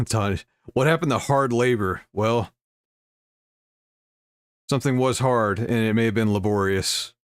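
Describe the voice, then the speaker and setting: A man with a fairly low voice reads news aloud on a livestream, chuckling and tossing in offhand comments as he goes. The sound is dry and close, with little room around it. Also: unhurried, long pauses, clear, resonant tone, no room sound. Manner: reads news aloud with frequent laughs and asides. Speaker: streamer reading news.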